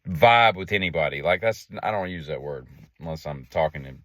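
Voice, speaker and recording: A man's voice: very deep voice, lively intonation, fairly quick, a bit bright, no echo. A man telling a story in a casual monologue, sarcastic and dry in his asides. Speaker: vlogger.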